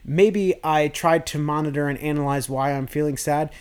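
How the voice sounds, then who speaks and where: A man with a somewhat high-pitched voice hosts a self-improvement podcast. He thinks out loud in a loose, rambling monologue, often restarting his sentences. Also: steady tone, moderate pace, smooth. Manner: rambling, with frequent restarts and fillers. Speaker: podcast host.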